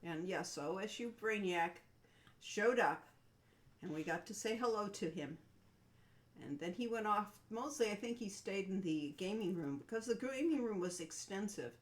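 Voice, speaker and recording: A woman's voice: medium pitch, lively intonation, normal speed. A woman co-hosting a game developers' livestream, chatting casually and reminiscing in a meandering way. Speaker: co-host of a game developers' stream.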